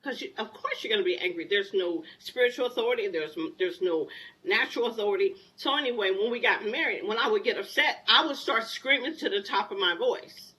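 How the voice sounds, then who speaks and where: A woman in her sixties, a talk show guest, telling a personal story in a lively, candid way. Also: medium pitch, brisk, low-quality recording.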